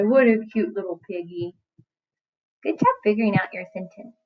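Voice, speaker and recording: A woman's voice: mid-range voice, moderate pace, lo-fi sound. A woman teaching young children in a recorded lesson, talking in a playful, exaggerated sing-song way. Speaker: kindergarten teacher.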